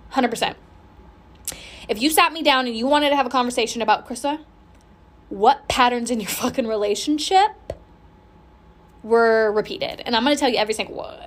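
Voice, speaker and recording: A woman's voice: on the high side, a bit bright. A woman hosting her own podcast, chatting casually in a bubbly, rambling and candid way, swearing freely. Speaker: podcast host. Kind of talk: casual solo podcast chat.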